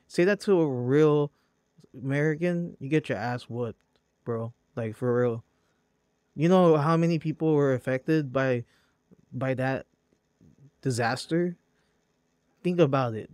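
A man's voice: mid-range voice, normal speed, darkish tone, no room sound. A man hosting a podcast, ranting bluntly and profanely, calling his target "bro". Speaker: podcast host. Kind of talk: heated podcast rant.

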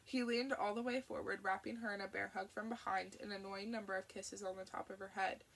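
A woman reading a novel aloud as an audiobook narrator, steady and expressive. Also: mid-range voice, a little fast, gravelly.

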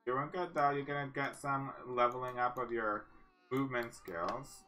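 A woman's voice: a bass voice, moderate pace, fairly bright tone, a little hiss or hum. A woman giving casual let's-play commentary, chatty and cooing at the game characters. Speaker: gaming channel host.

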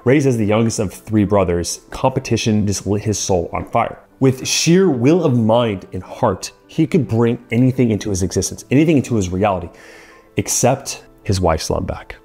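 A man's voice: on the low side, darkish tone, husky. A man hosting as a marriage coach, giving earnest, assertive advice straight to the viewer.

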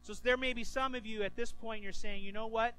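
A man preaching a sermon as pastor, animated and acting out the people in his stories. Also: high voice, brisk, soft background music, low-quality recording. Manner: animated, acts out quoted voices.

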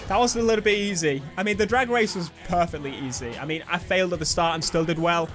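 Excitable young man, high voice. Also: fast, hardly any pauses. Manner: excitable, yelling at rivals mid-race. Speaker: gaming YouTuber. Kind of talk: let's play commentary. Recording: game music and engine noise behind.

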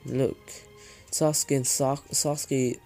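A man's voice: mid-range voice, flat delivery, slow, dark tone, faint music behind, pitched above the performer's own voice. A man doing a blunt young ninja.

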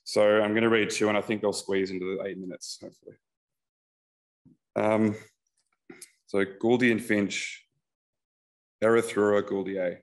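A young man, a creative writing student reading his own short story aloud in a measured, low-key way. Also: little pitch movement.

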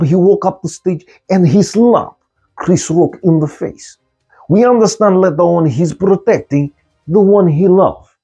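A man's voice: sits high, dark tone, slightly rough. A man delivering a comic monologue in simple broken English, repeating key words for effect. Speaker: comic commentator.

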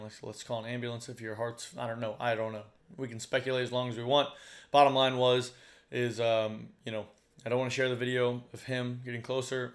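A man tells a story in a relaxed, conversational voice at a middling pitch. He talks the way a vlogger would, filling his sentences with "like" and "you know," and he gets animated when he acts out the dialogue. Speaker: fishing guide and channel host. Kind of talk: casual storytelling to camera.

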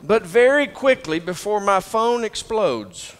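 A man's voice: high-pitched, big pitch swings, measured pace, long reverb tail. A man preaching a sermon, reading scripture aloud and joking with the congregation in a folksy way. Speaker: pastor. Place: church sanctuary.

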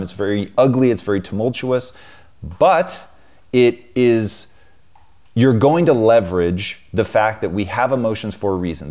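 A man's voice: lowish voice, a little mellow. A man hosting a long-form interview, thoughtful and building long, reflective questions. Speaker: interview show host.

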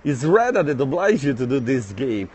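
A man with an Italian accent, chatting casually in a live stream while walking outdoors through city streets. He reads viewer comments aloud and speaks in a friendly, halting way. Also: medium pitch, sing-song, a little mellow, slightly rough. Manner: friendly, chatty, halting non-native phrasing.

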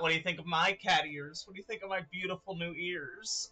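A young man streaming a game, chatting excitedly with his viewers and laughing often. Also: high-pitched, brisk, hardly any pauses, faint music behind. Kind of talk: live-streamed gameplay chat.

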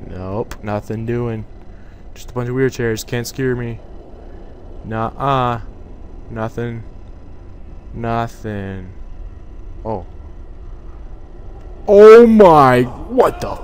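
A man's voice: medium pitch, slow pace, long pauses, slight background noise. A young man giving jokey, swearing commentary while playing a horror game and talking back to its figures. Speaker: gaming YouTuber.

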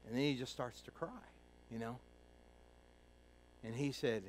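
Middle-aged guy preaching, folksy storyteller, does the voices, gets quiet then loud. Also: medium pitch, a little slow, pauses often, slight background noise, low-quality recording. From Kentucky. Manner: folksy, acts out quoted voices, swings from hushed to loud. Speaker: pastor. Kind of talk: sermon storytelling.

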